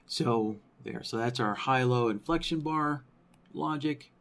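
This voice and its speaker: In a screen-recorded tutorial, a man with a creaky, middle-pitched voice walks viewers through trading software at an unhurried pace. He thinks aloud, habitually checking in with "right?" and padding his explanations with "you know" and "um".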